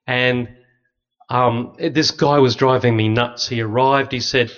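A middle-aged man, a priest, telling lively stories with dry humor to an audience. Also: medium pitch, slow. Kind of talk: storytelling talk to an audience. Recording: slightly dull lo-fi recording.

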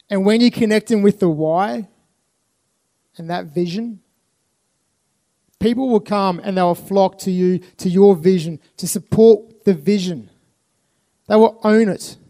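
A man's voice: high voice, dark tone. A man giving a live motivational talk to a festival audience, earnest and repeating phrases for emphasis. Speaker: speaker at a youth festival. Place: live event venue with an audience.

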